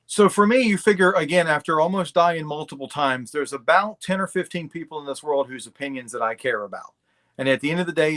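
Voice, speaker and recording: A man's voice: medium pitch, fairly bright tone. A middle-aged man talking candidly and bluntly as a guest in a casual interview. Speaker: podcast guest.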